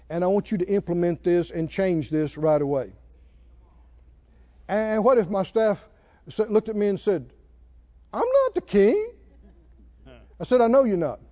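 Male preacher, high voice, animated swings, playful with chuckles, rising to shouts, dull lo-fi recording. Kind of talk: sermon.

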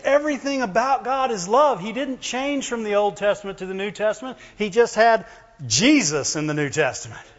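A man preaching a sermon to his church, talking conversationally, calling for amens, and swinging between loud emphasis and quiet low asides. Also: lively intonation, moderate pace. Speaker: pastor. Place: church hall. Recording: muffled lo-fi recording in a reverberant hall.

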